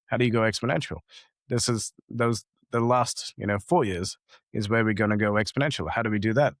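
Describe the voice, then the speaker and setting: A man on a video call giving business advice, telling animated stories and acting out the people he quotes. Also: on the low side, a little fast, no echo, clean studio sound. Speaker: guest entrepreneur. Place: home office with awards on wall.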